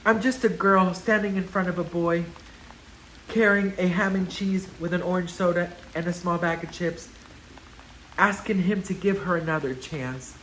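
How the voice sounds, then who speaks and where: A man's voice: sits high, fairly even intonation, normal speed, fairly bright tone, slight background noise, poor audio. A man playing a heartbroken woman star pleading with her ex in a melodramatic, breathless way.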